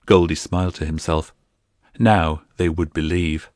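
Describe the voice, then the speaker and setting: A man narrating a fantasy audiobook in a steady storytelling delivery. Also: sits low, measured pace, no echo, clean studio sound.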